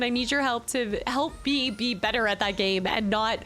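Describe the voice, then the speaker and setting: A woman's voice: a little high, normal speed, a bit bright, soft background music. A woman game streamer with a sick-sounding voice, chatting casually and thanking her viewers by name at the end of a stream. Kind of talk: casual stream sign-off chat.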